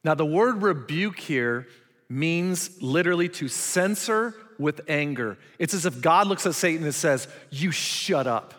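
A man's voice: fairly high pitch, expressive, a little slow, a bit bright. Emphatic preaching man in a reverberant hall. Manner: emphatic preaching, rhetorical questions to the congregation. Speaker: pastor. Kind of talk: sermon. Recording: long reverb of a large hall.

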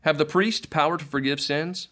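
A man's voice: a little high, moderate pace, fairly bright tone, natural voice. A man reading the questions of a stern male interrogator in a heresy court, formal and probing. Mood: interrogating.

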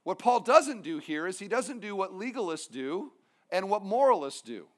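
A man's voice: high-pitched, very animated, normal speed. A male pastor preaching a sermon, emphatic, with humorous asides.

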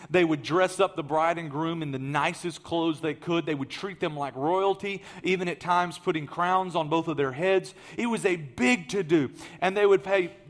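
A man preaching a sermon, telling the story in a lively way that swings from loud emphasis to hushed asides. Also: fairly high pitch, normal speed, few pauses.

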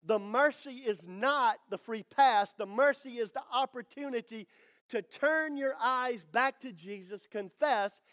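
A man preaching a sermon as pastor, building to emphatic declarations with dramatic pauses. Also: extremely high pitch, fairly bright tone.

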